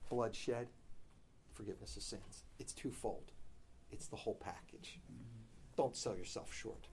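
Middle-aged guy preaching in church, gets loud telling the story then goes soft on the point. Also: fairly low pitch, unhurried, a little hiss or hum. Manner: animated, rising loud when telling the story, dropping soft on key points. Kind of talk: sermon storytelling.

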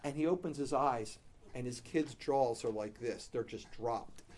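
Animated male preacher telling a story. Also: medium pitch, a little slow, slight background noise. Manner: animated, rising loud when telling the story, dropping soft on key points. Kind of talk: sermon storytelling.

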